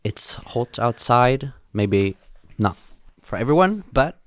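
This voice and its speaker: A man's voice: mid-range voice, sing-song, takes it slowly, dry recording. Laughing man co-hosting a chat show. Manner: laughs often, playful banter. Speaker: podcast co-host. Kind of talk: casual chat.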